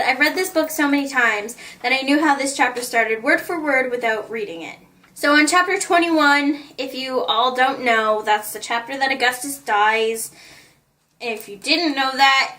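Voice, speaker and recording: A woman's voice: high voice, sharp tone, recorded from a distance. A woman vlogger chatting in a gushing way about the notes she wrote in a book, often laughing. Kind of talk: casual chat, reading out her notes.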